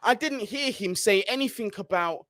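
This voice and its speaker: A man's voice: high voice, animated, normal speed, fairly bright tone, no echo, studio quality. A man hosting a casual football chat, fired up and slangy, often asking "yeah?". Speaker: host.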